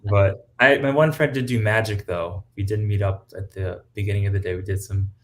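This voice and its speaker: Chatty, low-voiced male guest. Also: steady tone, a little fast, fairly bright tone. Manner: chatty, laughs often, many fillers. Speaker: guest cosplayer. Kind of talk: casual podcast chat.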